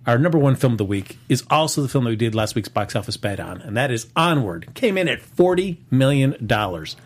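A man's voice: mid-range voice, very animated, a little fast. Chatty male podcast host. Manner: chatty, many fillers and restarts. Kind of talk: casual live-stream movie talk.

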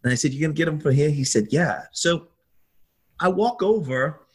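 Husky man telling a lively story. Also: a little high, moderate pace. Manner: lively storyteller, acts out voices, laughs often. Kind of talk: animated storytelling.

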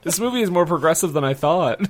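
A man co-hosting a podcast, chiming in with quick wisecracks and swearing in a casual movie chat. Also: on the high side, expressive. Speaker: podcast co-host.

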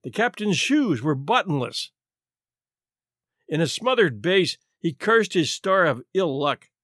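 A man reads a classic story aloud with lively, swooping theatrical delivery. His voice sits fairly high and the sound is dry and close, with no room around it. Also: takes it slowly, no room sound. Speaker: narrator. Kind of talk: scripted narration.

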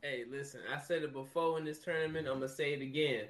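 A man's voice: a little high, fairly even intonation, quick pace, a bit bright. A man in a casual group chat who jokes around in slangy talk. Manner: joking, slangy.

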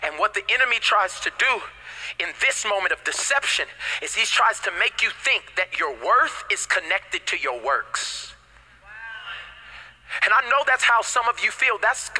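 High, bright-voiced preacher man. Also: poor audio. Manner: animated, casual slang, swings between loud and hushed. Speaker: pastor. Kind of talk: sermon.

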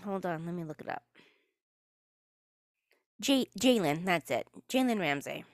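A woman's voice: fairly low pitch, lively intonation, a little slow, dry recording, clean studio sound. A woman hosting a solo podcast, ranting in a sarcastic, exasperated way and swearing freely. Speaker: podcast host.

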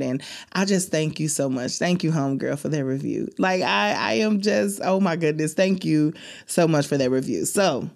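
Emotional woman hosting a faith podcast. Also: deep voice. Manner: emotional, expressive, preachy. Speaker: podcast host. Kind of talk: faith-based heartfelt podcast talk.

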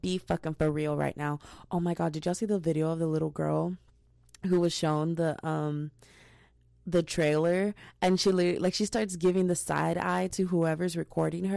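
Young female podcast host, mellow and fry-heavy tone, animated casual chatter. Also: fairly low pitch, normal speed, no echo, clean studio sound. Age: young adult. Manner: gossipy, animated, slangy storytelling. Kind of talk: casual solo podcast chat.

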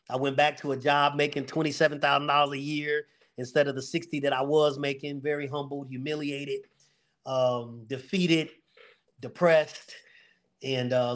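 A man's voice: medium pitch, fairly bright tone. A middle-aged man, a security company owner, earnestly telling a faith-filled story of his struggles on a casual podcast, acting out the people in it.

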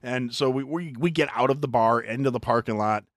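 A middle-aged American man hosting a podcast, telling a long story in a profane, animated way with mock voices. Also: medium pitch, a little fast, dry recording, clean studio sound. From United States. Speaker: podcast host. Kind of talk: casual storytelling chat.

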